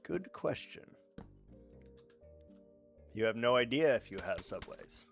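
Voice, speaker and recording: A man rambles through a casual game stream at an unhurried, drawn-out pace, cursing freely and chatting with viewers. His voice sits at an ordinary middle pitch. Soft music plays faintly in the background. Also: lively intonation, creaky. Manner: rambling, swears freely, talks to chat and his pet. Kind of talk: casual gaming stream chat.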